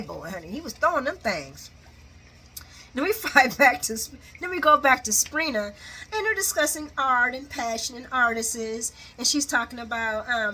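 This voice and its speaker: A woman giving a lively, casual recap of a soap opera, laughing often and acting out the characters' lines. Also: a little high, a little hiss or hum. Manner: animated, laughs often, acts out quotes.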